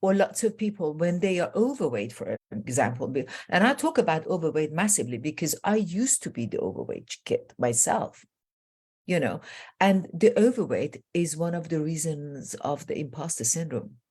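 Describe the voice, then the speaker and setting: A middle-aged woman life coach telling stories in an interview, acting out what people said with sudden jumps in pitch. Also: moderate pace, breathy edge. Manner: lively storyteller, acts out quotes with jumps in pitch. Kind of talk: animated storytelling in a podcast interview.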